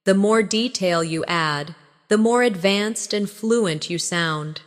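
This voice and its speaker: A woman teaching an English shadowing lesson, calmly modelling short phrases for listeners to repeat. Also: mid-range voice, slow pace, long reverb tail. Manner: calm, clear modelling of phrases for repetition. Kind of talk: slow shadowing practice lesson.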